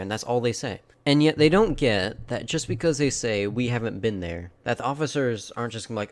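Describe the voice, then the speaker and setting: A man's voice: mid-range voice, fast talker, few pauses. A man hosting a casual video commentary, talking through clips in an opinionated way and mimicking the people he quotes. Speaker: commentary host.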